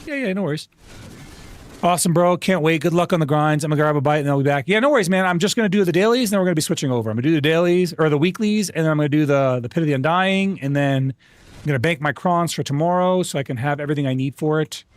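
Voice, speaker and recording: A man's voice: on the high side, racing. A man chatting casually on a live gaming stream, upbeat and talkative, stumbling over and repeating words and calling people bro and dude. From United States.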